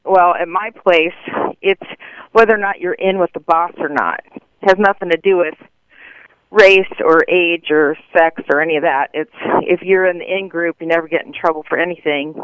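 Brief: male caller, clear higher voice, hesitant, heard over a dull phone line. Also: steady tone, moderate pace, dry recording. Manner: hesitant, fillers, venting. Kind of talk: call-in complaint.

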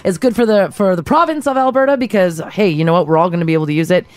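A woman's voice: lowish voice, very fast, darkish tone, no echo. A woman co-hosting a radio show, reading news items in a friendly, chatty way. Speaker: radio co-host. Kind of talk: casual news chat.

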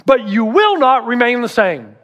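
A man's voice: very high voice, sing-song, moderate pace, fairly bright tone, big-room sound. A middle-aged man preaching a sermon as pastor, telling humorous stories and acting out the voices he quotes. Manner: humorous storyteller who acts out quoted voices.

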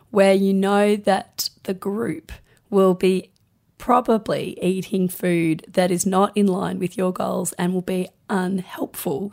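Upbeat woman co-host, emphatic delivery, some vocal fry. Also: medium pitch, a little mellow. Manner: upbeat, emphatic, laughs easily. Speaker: podcast co-host. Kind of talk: casual conversational advice.

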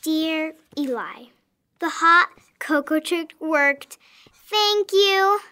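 A woman's voice: high voice, lively intonation, drawn-out words, sharp tone, exaggerated voice. A woman playing an earnest, worried young girl. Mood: hopeful. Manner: earnest, anxious, reading letters aloud. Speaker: letter-writing child character. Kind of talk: audio drama acting.

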